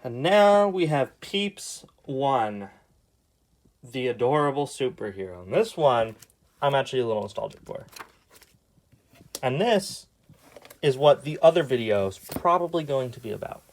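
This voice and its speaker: A young man casually commenting as he reads his old comics aloud, sarcastic and exasperated, with quick asides. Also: mid-range voice, lively intonation. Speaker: YouTube artist.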